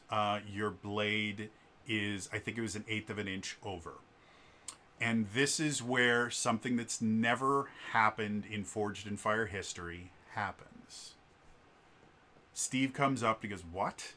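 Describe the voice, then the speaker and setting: A man's voice: fairly low pitch, takes it slowly, sharp tone. A man on his vlog, casually telling a long story with lots of fillers and restarts, acting out what people said. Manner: rambling, with many fillers and restarts; acts out quoted people. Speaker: vlog host.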